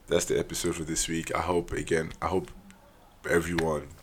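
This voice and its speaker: A man's voice: a bass voice, little pitch movement, normal speed, a little hiss or hum. A young man hosting his own podcast, talking alone in an earnest, casual way, often saying "man" and restarting his sentences. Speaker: podcast host. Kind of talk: solo podcast monologue.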